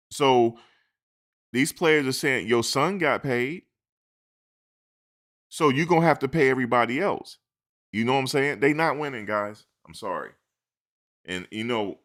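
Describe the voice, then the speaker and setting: A man hosting a sports talk show, riffing casually and animatedly, acting out imagined conversations and answering his chat. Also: fairly low pitch. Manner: animated, talks back to the chat; acts out imagined lines in asides. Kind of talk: casual commentary.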